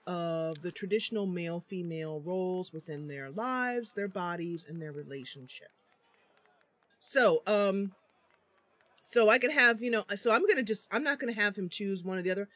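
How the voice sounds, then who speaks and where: A woman livestreaming a role-playing game, chatting casually and laughing often as she reads the dialogue. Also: on the low side. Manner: giggly, chatty, frequent laughs. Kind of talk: casual gameplay livestream with read-aloud dialogue.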